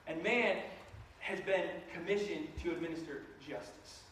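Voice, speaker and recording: A man preaching a sermon as a pastor, animated and joking, acting out voices as he goes. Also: on the high side, normal speed, slight background noise. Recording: echoey hall, mic far off.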